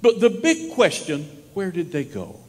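A male pastor delivers a storytelling sermon in a slightly high voice. His pitch climbs and falls widely, from soft, low asides to raised lines. The sound carries the long reverb of a large hall. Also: wildly swooping pitch, unhurried. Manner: storytelling preacher, swinging from hushed to raised. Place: church sanctuary.

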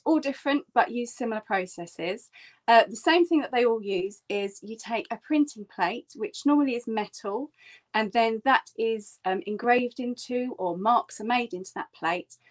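A woman, a print artist, giving a friendly and explanatory online printmaking lesson. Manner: chatty and explanatory, with bright lifts in pitch. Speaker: print artist teaching a workshop. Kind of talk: friendly online craft tutorial.

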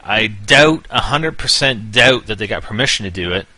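A man's voice: fairly low pitch, animated, normal speed, bright, forceful tone, no echo. A man hosting casual gaming commentary, rambling and hyper, winding himself up into a half-joking rant. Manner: rambling, mock-ranting, wound up. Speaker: gaming channel host.

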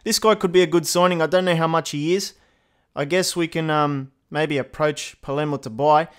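Young male gaming creator, lightly high voice, chatty play-by-play that spikes with excitement. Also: moderate pace, smooth. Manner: excitable, rising to shouts at near-misses. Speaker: gaming YouTuber. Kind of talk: casual gameplay commentary.

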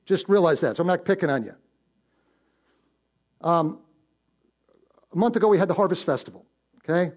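Male pastor, higher-pitched voice, sermon in church, loud build-ups then hushed warnings, asks the congregation questions. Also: lively intonation, moderate pace, long pauses. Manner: storytelling with direct questions to the congregation.

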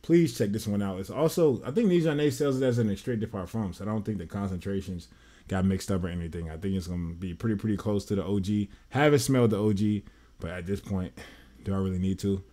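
A man's voice: lowish voice, quick pace, warm tone. American guy hyping up perfumes, loose and chatty, keeps saying y'all. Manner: enthusiastic, rambling, says "man" and "y'all" often. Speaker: fragrance reviewer. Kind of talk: casual review vlog.

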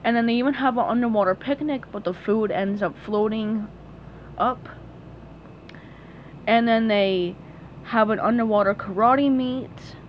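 A woman casually reviewing a children's picture book, chatty and gushing, with small laughs and restarts. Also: medium pitch. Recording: dull lo-fi audio with faint noise.

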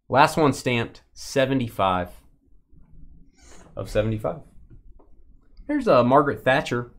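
A man hosts a live card break stream, opening packs while chatting casually with viewers and teasing them in a lively, playful way. His voice is medium-pitched and a little slow, with long pauses.

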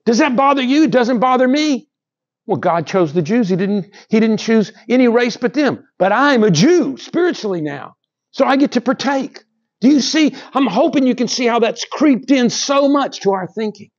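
A man preaching a sermon, swinging between raised, emphatic lines and hushed, drawn-out ones. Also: very high-pitched, lively intonation, highs cut off. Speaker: pastor.

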